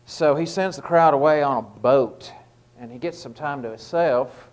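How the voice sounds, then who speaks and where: A man's voice: a little high, moderate pace, rough recording. A man giving an informal evening devotional talk, conversational and stopping often with fillers and restarts. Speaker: lay preacher giving a short devotional.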